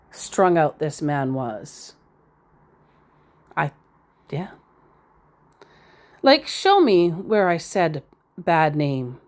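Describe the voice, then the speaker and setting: A woman with a deep, darkish voice reads out messages from scammers, adding casual, sarcastic commentary as a scambaiter. She often rambles off into asides.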